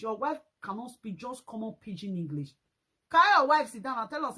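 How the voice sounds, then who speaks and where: A woman with a Nigerian accent ranting in a commentary vlog, scolding and mocking, with sudden loud high outbursts. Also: very animated, fairly quick, slightly rough, low-quality recording. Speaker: social media commentator.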